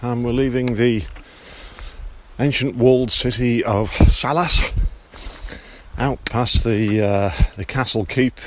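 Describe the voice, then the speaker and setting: A man's voice: medium pitch, steady tone, slow. A British man casually narrating his walking pilgrimage, chatty and self-deprecating, often restarting his sentences. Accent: British English. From Britain. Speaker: podcast host walking the Camino.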